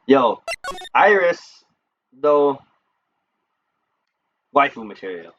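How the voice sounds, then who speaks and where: A man's voice: medium pitch, sing-song, drawn-out words, lo-fi sound. A man streaming a video game, chatting casually and rambling with jokes, over game music. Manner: rambling, joking.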